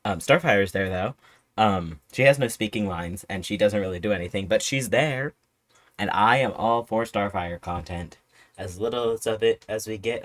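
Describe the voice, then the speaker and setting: A man giving a rapid, profane, sarcastic retelling as a casual film reviewer. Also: lowish voice, no echo. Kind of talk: casual commentary.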